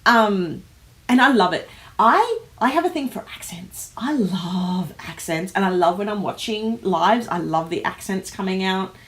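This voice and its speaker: An Australian woman hosting a casual livestream, chatting and reading out comments, animated, with frequent laughs and fillers. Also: mid-range voice, measured pace. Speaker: host of a planner livestream. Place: home office.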